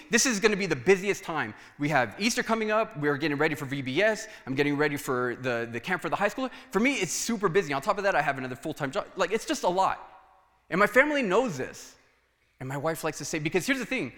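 A male pastor preaching a sermon in a church, telling stories and acting out conversations. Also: high-pitched. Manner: animated storytelling, acts out dialogue. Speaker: guest pastor. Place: church sanctuary. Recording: church hall reverb.

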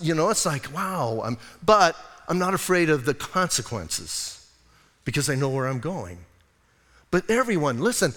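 A male pastor preaching an animated, conversational sermon and acting out bits of dialogue. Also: high voice, in a large hall.

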